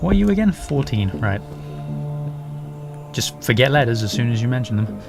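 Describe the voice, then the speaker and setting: Over music, a young Englishman's gravelly mid-range voice swings with lots of animation at a moderate pace. The gaming YouTuber rambles, swears and makes fun of himself while casually narrating his play from a countryside home in England.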